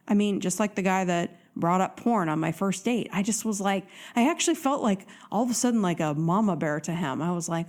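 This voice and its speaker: A woman's voice: medium pitch, moderate pace. A woman hosting a dating podcast, talking casually and with energy, acting out quoted voices. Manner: animated, acts out quoted voices. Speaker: dating coach podcast host. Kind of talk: casual motivational monologue.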